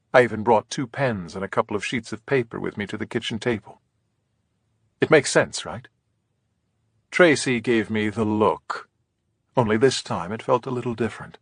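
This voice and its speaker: A man narrating an audiobook in a soft, whispered storytelling way, gentle and unhurried, close to the mic. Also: lowish voice, husky, dry recording.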